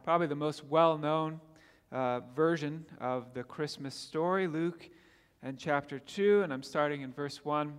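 A man's voice: on the high side, a little slow, clean tone, in a large hall. A pastor giving an earnest Christmas morning sermon that opens with a scripture reading, and he stresses his questions with emphasis.

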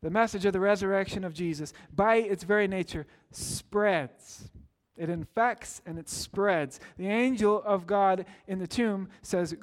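A man with a notably high speaking voice delivers a sermon as pastor. He tells stories plainly, then lifts into earnest, emphatic calls to his listeners. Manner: earnest preaching with rising emphatic exclamations.

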